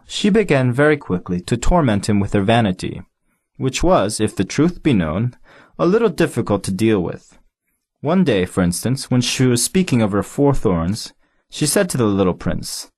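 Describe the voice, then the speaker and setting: A man narrating a storybook in a measured, expressive style. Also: lowish voice. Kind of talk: audiobook narration.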